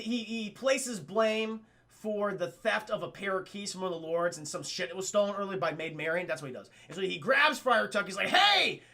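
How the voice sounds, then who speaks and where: A young man casually recapping a film on a live stream, excitable and profane, constantly talking to his chat. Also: high-pitched, vocal fry.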